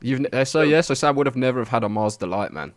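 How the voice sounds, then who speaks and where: A man's voice: medium pitch, animated, quick pace, no echo. A man of about thirty, co-hosting a podcast in casual, swearing banter. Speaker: podcast co-host. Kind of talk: casual chat.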